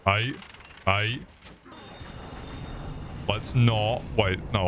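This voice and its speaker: Young english dude streaming, kinda low voice, swears a ton and jokes with chat. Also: male voice, takes it slowly, pauses often, background noise. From England. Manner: crude, joking, swears often, talks to chat. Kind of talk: live gameplay commentary.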